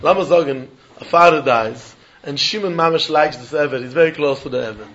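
Man, Talmud class teacher, lilt, fairly high voice, dull lo-fi recording. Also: moderate pace, a bit bright. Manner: sing-song study-hall explaining, acting out both sides of a deal. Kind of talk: animated Talmud class lecture.

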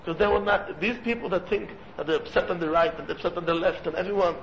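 A man giving an animated sermon-like talk as a religious teacher, jumping in pitch as he acts out stories and sprinkling in Hebrew and Yiddish terms, in a room with listeners. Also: fast talker, gravelly. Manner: animated, acts out quoted dialogue, sudden pitch jumps. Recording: muffled recording with faint room noise.

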